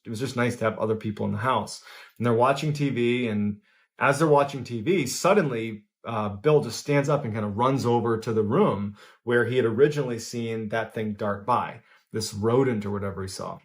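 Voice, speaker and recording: Casual male storyteller with loose fillers. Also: medium pitch. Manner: loose, conversational, with frequent fillers.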